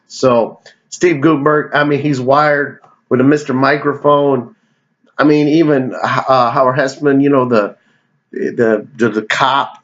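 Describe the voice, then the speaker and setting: A man talks through his favorite movies in a loose, rambling vlog, swearing and joking as he wanders off topic. His voice sits in an ordinary middle pitch. The home recording sounds a little dull and muffled. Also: fairly even intonation, unhurried, a bit bright. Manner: digressive, profane, joking. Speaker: movie review vlogger. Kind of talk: casual rambling movie rundown.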